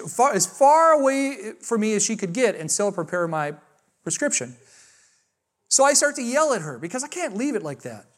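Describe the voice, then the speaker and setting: A male pastor telling a personal story in a sermon and leading a closing prayer, acting out dialogue with big jumps in voice. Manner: animated, acts out dialogue with big pitch jumps.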